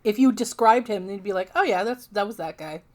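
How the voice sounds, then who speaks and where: A woman co-hosting a podcast, chiming in with quick, casual remarks and laughter. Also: mid-range voice. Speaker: podcast co-host. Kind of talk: casual chat.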